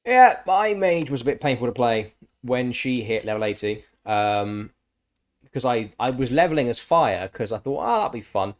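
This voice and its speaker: A man's voice: mid-range voice, expressive, normal speed. A man chatting casually and with enthusiasm while streaming a game, swearing freely. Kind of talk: casual chat while gaming.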